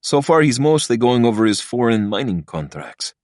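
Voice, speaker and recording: A man's voice: mid-range voice, sing-song, moderate pace, a little mellow, dry recording, clean studio sound, pitched above the performer's own voice, natural voice. A man voicing a nervous, eager-to-please male attorney who speaks hesitantly and a little breathlessly in an audiobook.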